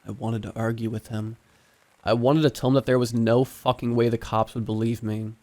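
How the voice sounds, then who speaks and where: Male horror narrator, steady scripted reading, mid-pitched voice. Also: moderate pace.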